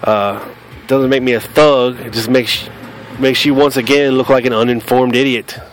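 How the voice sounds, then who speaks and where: A man's voice: medium pitch, steady tone, normal speed, soft background music. A man with a Southern US accent hosting a podcast, talking bluntly and combatively and cussing freely. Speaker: podcast host. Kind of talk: casual podcast monologue.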